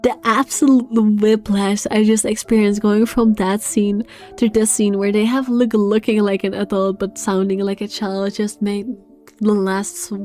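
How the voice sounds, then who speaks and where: A woman's voice: medium pitch, dark tone. Laughing, swearing woman streamer. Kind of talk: live game commentary and read-aloud.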